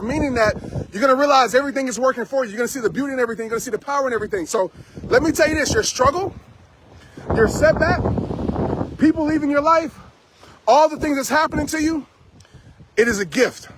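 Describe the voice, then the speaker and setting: Outdoors after a trail run, a motivational speaker with a very high-pitched voice gives an intense, emphatic talk to a live chat, repeating his key lines like a preacher. The background is noisy.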